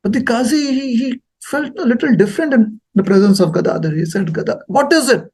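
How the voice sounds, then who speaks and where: A man giving a sermon, telling a story in a lively, animated way. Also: very high voice, a little fast, husky. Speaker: speaker at a temple talk.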